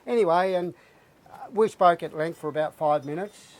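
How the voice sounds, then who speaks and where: A middle-aged Australian man, an interview guest, telling his story with animated flair and acting out his own lines. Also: a little high, normal speed. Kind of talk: casual interview.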